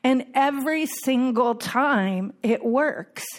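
A woman's voice: sits high, slow. A middle-aged woman giving a heartfelt personal talk to a group at a recovery meeting, repeating key phrases for emphasis.

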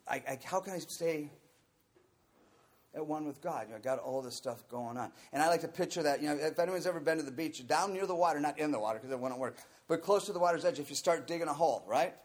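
A man speaking to a group in a casual, candid way about working recovery steps. His voice sits a bit higher than most men's, and his talk is loose and full of little asides. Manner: candid, conversational, peppered with "you know".

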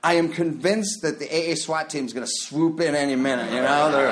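A middle-aged man sharing his own recovery story at a meeting, talking casually and jumping into loud acted-out quotes. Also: a little high, brisk, hardly any pauses, noisy background. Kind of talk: personal story shared at a meeting.

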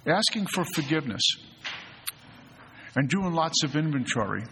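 Middle-aged guy, kinda high raspy voice, earnest recovery talk, lots of uh uh restarts, echoey hall. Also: very animated, moderate pace, a bit bright, a little hiss or hum. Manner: earnest, storytelling, many restarts and stammered fillers. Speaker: retreat facilitator. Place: mountain retreat hall.

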